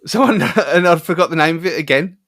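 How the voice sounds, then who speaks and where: A man's voice: a little high, fairly quick, fairly bright tone, no echo, clean studio sound. A man co-hosting a casual podcast, rambling and self-mocking and often trailing off mid-thought. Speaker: podcast co-host.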